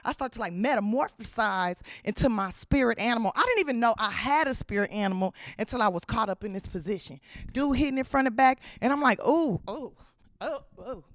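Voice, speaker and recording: A woman doing a stand-up routine, telling a story in a loud, brash, slangy way, with crude jokes and rapid repeated lines, on a handheld stage mic. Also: on the high side, expressive, no room sound, clean studio sound. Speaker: stand-up comedian.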